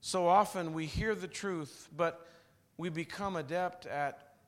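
A middle-aged man from southern Indiana preaching a sermon, swinging from hushed, slow words to loud emphatic ones. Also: sits high, in a large hall. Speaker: pastor.

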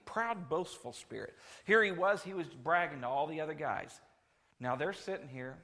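A man preaching a sermon in lively storytelling fashion, swinging his pitch and volume as he retells scenes. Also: normal speed.

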